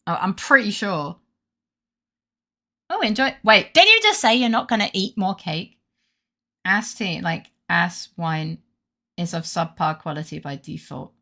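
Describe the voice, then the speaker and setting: A woman's voice: fairly low pitch, lively intonation, unhurried, long pauses, bright, forceful tone. A woman streamer chatting casually during a game stream, rambling, swearing freely and going on rants. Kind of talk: casual gaming stream chat.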